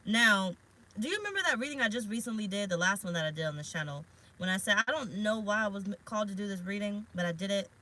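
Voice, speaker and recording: A woman's voice: mid-range voice, fast talker, pushed and bright, poor audio. A woman tarot reader talking casually in a vlog, rambling and frank, swearing now and then. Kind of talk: casual spiritual vlog talk. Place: parked car.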